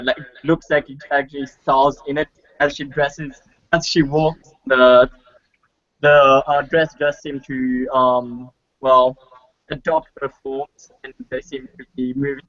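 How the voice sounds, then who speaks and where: Halting game master man. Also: medium pitch, a bit bright, no room sound, highs cut off. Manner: halting, many fillers. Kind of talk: narrating a tabletop game.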